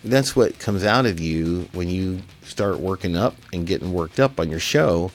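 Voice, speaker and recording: Earnest man speaking haltingly. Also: deep voice, expressive, faint music behind. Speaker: show host. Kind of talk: emotional address to camera. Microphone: live stream.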